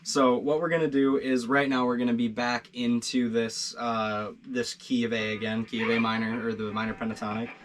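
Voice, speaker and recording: A man's voice: medium pitch, normal speed, few pauses. Laid-back, encouraging male guitar teacher. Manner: relaxed, encouraging, rambling with fillers. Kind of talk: casual video lesson.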